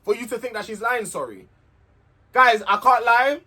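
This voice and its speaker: Man, high voice, casual vlog rant, heated, sweary, sarcastic. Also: normal speed, sharp tone. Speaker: reality show recapper.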